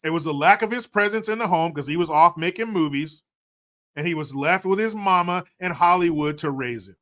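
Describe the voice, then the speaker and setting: A man's voice: a little high, brisk, bright, forceful tone. A man hosting a casual commentary show, reading viewer comments in a mocking, profane, sarcastic manner. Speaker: commentary host.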